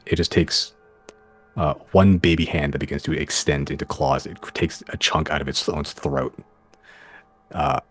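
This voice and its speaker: A man narrating a tabletop game as game master, describing scenes in a halting way with many fillers. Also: rumbling low, fairly even intonation, fairly bright tone, soft background music.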